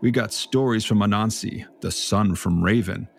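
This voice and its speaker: A man co-hosting a podcast, telling folk tales in a relaxed, jokey way with dramatic read-aloud narration. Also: lowish voice, moderate pace, slightly rough. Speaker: podcast co-host. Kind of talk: casual storytelling chat.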